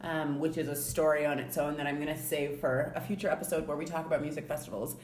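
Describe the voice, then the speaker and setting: A woman's voice: low-pitched, fairly even intonation, quick pace, echoey room, a little hiss or hum. A woman co-hosting a podcast in casual chat, wry and self-deprecating, sounding tired. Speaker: podcast co-host.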